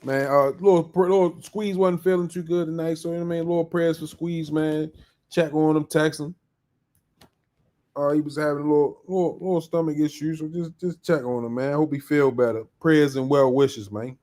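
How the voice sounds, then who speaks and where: A man's voice: a little high, fairly even intonation, moderate pace, dark tone. A man hosting a live podcast in casual chat, upbeat and slangy as he greets viewers by name. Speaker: podcast host.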